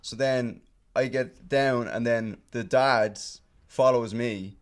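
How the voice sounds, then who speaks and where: Slow and steady in tone, a mid-range male voice belongs to a guest on a casual podcast. He tells a lengthy story with lots of profanity, filler words and false starts.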